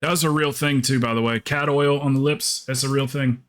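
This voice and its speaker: A man's voice: mid-range voice, steady tone, fairly quick, fairly bright tone. Male game streamer, mid-range voice, casual chatter full of jokes and swearing. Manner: rambling, joking, swears freely. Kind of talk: casual live-stream chat.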